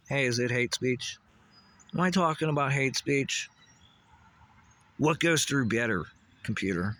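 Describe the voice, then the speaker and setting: Intense bright-voiced man rambling. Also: medium pitch, a little slow, long pauses, no room sound. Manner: intense, rambling, swears often, repeats shouted questions. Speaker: vlogger. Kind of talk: rambling monologue to camera.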